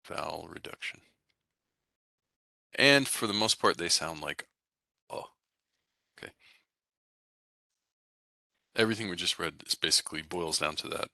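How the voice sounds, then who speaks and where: A man's voice: lowish voice, bright, forceful tone, no echo, clean studio sound. A man teaching a language class, explaining pronunciation rules in a casual, rambling way with many fillers and restarts. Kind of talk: recorded class lecture.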